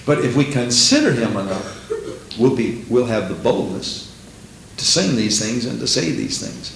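Animated male preacher, echoey room. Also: normal speed, creaky, slight background noise. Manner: sing-song preaching cadence with swooping pitch and repetition; quotes scripture in old-fashioned biblical wording. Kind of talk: sermon.

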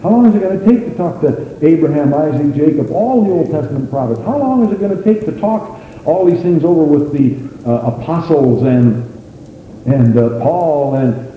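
A man preaching a sermon in an animated, folksy way, with frequent exclamations. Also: on the high side, normal speed. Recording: echoey hall with faint noise.

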